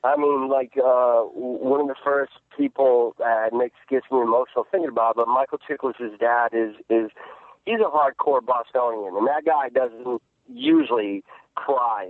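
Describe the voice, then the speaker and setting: A man who works as an actor, answering interview questions in a casual, halting way, with many restarts, fillers and frequent laughs. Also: medium pitch, no echo. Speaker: actor guest. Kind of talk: phone interview, casual storytelling. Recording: tinny phone line.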